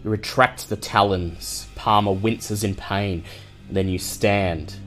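Man as game master, unhurried narration, soft music underneath. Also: on the low side, fairly even intonation. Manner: measured, descriptive narration.

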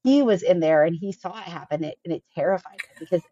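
Donna chiacchierona sulla trentina. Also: female voice, fairly low pitch, expressive, fast, mellow, muffled recording. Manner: chatty, earnest, frequent "like" fillers. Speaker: podcast guest. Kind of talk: casual personal storytelling.

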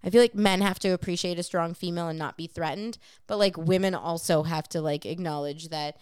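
Woman, podcast co-host, casual chat, blunt, swears freely, smooth resonant voice, dry close sound. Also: lowish voice, steady tone, fairly quick, darkish tone, no room sound. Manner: frank and profane, explaining at length.

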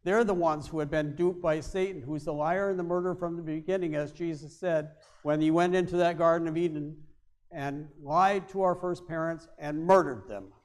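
A male pastor preaching a sermon, with emphatic stresses that drop to quiet, low endings. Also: fairly even intonation, normal speed. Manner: emphatic, swings between loud stresses and quiet drops.

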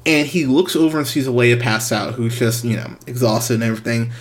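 A man's voice: medium pitch, a little fast. Exasperated young man telling a story. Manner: animated, exasperated, breaks into laughs. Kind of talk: casual anecdote telling.

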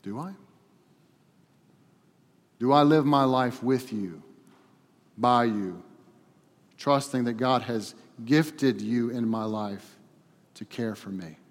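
A man preaching a sermon as pastor, swinging between loud emphatic passages and quiet, hushed ones. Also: mid-range voice, takes it slowly, long pauses. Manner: builds to loud emphatic preaching, then drops to a hushed prayer. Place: church hall. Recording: long hall reverb.

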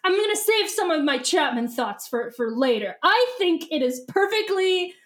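A young woman chats about a book on her podcast, excitable and animated. Her voice sits high, and she laughs often as she breaks into quick impressions of the characters. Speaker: podcast co-host. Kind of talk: casual book discussion.

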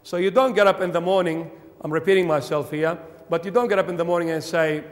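A man whose native tongue is Aramaic delivers a teaching sermon, his voice sitting high for a man. He explains point by point and says key phrases twice to drive them home. The sound trails off in the long reverb of a large hall. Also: steady tone. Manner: explains slowly, repeats key phrases for emphasis. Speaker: preacher.

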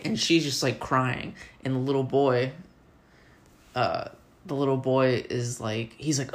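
A man's voice: medium pitch, little pitch movement, normal speed. A man, a teacher abroad, chatting casually and telling a story with lots of "like" fillers. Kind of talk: casual conversation.

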